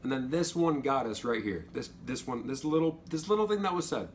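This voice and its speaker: A young man talks through his basic training mistakes in a casual vlog. He is animated and lively, jumping up to act out the instructors' barked orders. His voice sits mid-range, with a faint hiss of room noise behind it. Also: mid-range voice, fairly quick. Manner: animated, acts out drill instructors' yells. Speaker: vlogger, former Air Force trainee.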